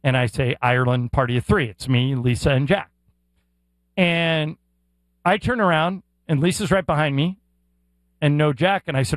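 A middle-aged man co-hosting a sports radio show, telling a story in an animated way and acting out the voices. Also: on the high side, moderate pace, long pauses, no echo, rough recording. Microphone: studio mic.

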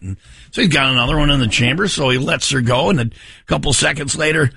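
A man co-hosting a radio morning show, chatting casually and telling jokes in a playful, animated way. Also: fairly high pitch, quick pace, gravelly, crowd noise. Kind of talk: casual on-air banter and joke telling.

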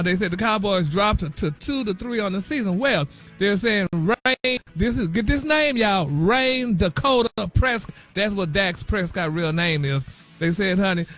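A man's voice: sits high, a bit bright. A man hosting a celebrity gossip segment on morning radio, flamboyant and sassy, calling everyone honey. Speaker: celebrity news host.

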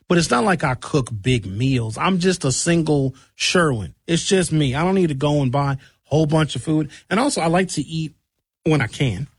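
A man hosting a talk show who is hoarse from recent shouting, giving blunt, conversational commentary on local news and asking rhetorical questions. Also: medium pitch, no room sound, studio quality.

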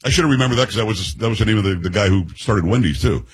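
A chatty man from the United States hosts a talk show, riffing on the news with sarcastic asides. His voice is husky and rough, with some breath in it. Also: on the low side, very fast, low-quality recording. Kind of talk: casual political commentary.

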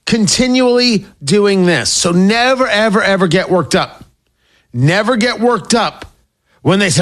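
A man's voice: sits high, animated, unhurried, a bit bright. A man hosting his own show, reading a sponsor ad with emphatic repetition. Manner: emphatic, repeats points for stress. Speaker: radio show host. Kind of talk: host-read sponsor ad.

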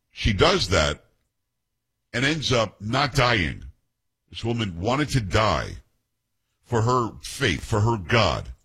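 A man's voice: fairly low pitch, fairly bright tone, husky. A male radio talk show host taking calls and telling stories, opinionated and emphatic. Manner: opinionated, emphatic, tells stories in character voices.

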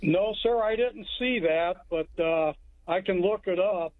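Plainspoken Texas caller on a phone line. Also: male voice, high voice, dry recording. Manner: plainspoken, rambling, halting restarts. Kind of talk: phone-in storytelling.

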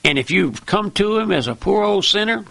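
A man's voice: expressive, normal speed, creaky, bright, forceful tone, no room sound. An older man with a Southern US accent preaching a folksy radio sermon, fervent and repeating his appeals to the listener. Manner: fervent, repeats "my friend", pitch leaps high for emphasis.

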